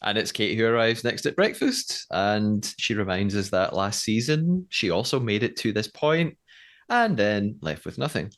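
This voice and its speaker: A man's voice: fairly low pitch, animated, moderate pace. A man co-hosting a podcast, recapping a show in casual chat and laughing often. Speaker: podcast co-host.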